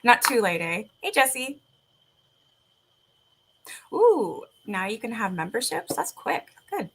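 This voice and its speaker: A woman's voice: a little high, very animated, slow pace, fairly bright tone, slightly rough, poor audio. A woman streaming, chatting with viewers, laughing often, then reading spooky stories aloud. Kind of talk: casual livestream chat and reading aloud.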